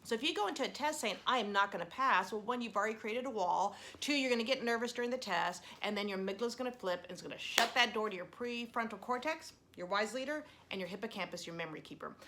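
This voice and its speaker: Bright-voiced woman teaching mindfulness to kids. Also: a little high, fast talker, few pauses, a little hiss or hum. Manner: gentle, storytelling, animated when recounting. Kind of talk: guided breathing and lesson for children.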